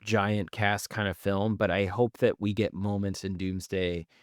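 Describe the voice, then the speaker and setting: A man co-hosts a casual review podcast, giving candid, jokey opinions in an easygoing way. His voice sits somewhat low. The sound is dry and close to the mic. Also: flat delivery, a little slow, no echo. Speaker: podcast co-host.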